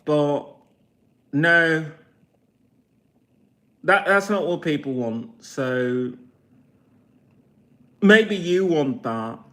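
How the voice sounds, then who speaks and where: High-voiced man ranting and swearing. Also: lively intonation, very slow, long pauses, fairly bright tone. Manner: heavy swearing, blunt, mocking. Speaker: vlogger. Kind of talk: profane rant to camera.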